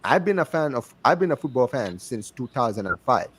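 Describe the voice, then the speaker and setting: A man's voice: medium pitch, sing-song, a little fast, fairly bright tone, breathy edge. A man with an African accent, a guest in casual chat, talking passionately and repeating himself for emphasis. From United States. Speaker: guest on a fan show.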